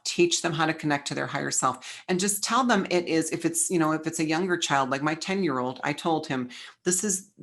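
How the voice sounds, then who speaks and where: A woman's voice: sits low, a bit bright. Chatty middle-aged woman teaching frankly. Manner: frank and chatty, with fillers and restarts. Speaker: spiritual parenting teacher. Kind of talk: casual masterclass talk.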